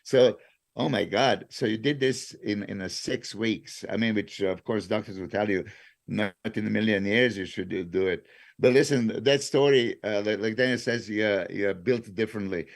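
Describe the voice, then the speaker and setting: Low-voiced co-host who stumbles on words. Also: male voice, normal speed, creaky. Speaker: podcast co-host. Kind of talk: casual chat.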